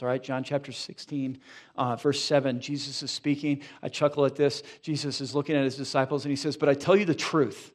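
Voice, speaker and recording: A man preaching a Sunday sermon from a church stage. His delivery is animated and conversational, full of asides and quick questions thrown to the congregation. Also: mid-range voice. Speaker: pastor. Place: church sanctuary.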